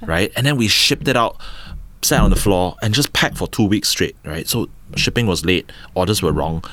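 A man in his thirties with a Singaporean English accent appears as a podcast guest, telling business stories in a lively, chatty interview. He's an animated storyteller who acts out quotes and often ends lines with "right?". His voice is low-pitched and his pace moderate.

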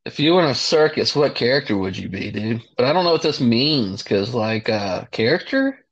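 Young male co-host, relaxed and crude, mid pitch, muffled remote audio. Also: normal speed. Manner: laid-back, crude, frequent "dude". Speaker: podcast co-host. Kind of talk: casual chat. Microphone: remote call line. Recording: slightly dull lo-fi audio.

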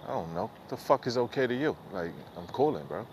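With a medium-pitched, animated voice and a brisk pace, a middle-aged podcast host rambles through a casual solo monologue. He's loose and profane, wanders between thoughts and often mocks himself, all over a noisy background.

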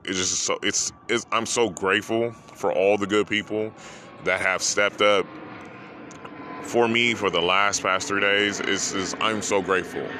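Deep-voiced man, emotional and rambling. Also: fairly even intonation, a little slow, sharp tone, slight background noise. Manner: heartfelt, rambling, repeats phrases. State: holding back tears. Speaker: podcast host. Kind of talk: emotional personal monologue.

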